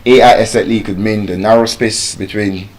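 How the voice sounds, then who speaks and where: A man with a Nigerian English accent giving a live pronunciation lesson to an audience, repeating each word slowly to drill it. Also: on the low side, fairly even intonation, darkish tone. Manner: deliberate, drills words by repeating them slowly. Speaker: pronunciation teacher. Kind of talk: live public speaking lesson.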